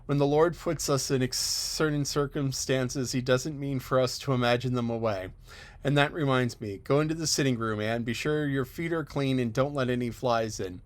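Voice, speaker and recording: A man reading an audiobook, voicing a stern, disapproving middle-aged spinster who speaks curtly and briskly. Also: medium pitch, close to an everyday voice. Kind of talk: audiobook character voice.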